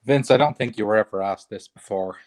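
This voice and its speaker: A man on a panel asking a quick, quiet, wry question. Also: on the low side.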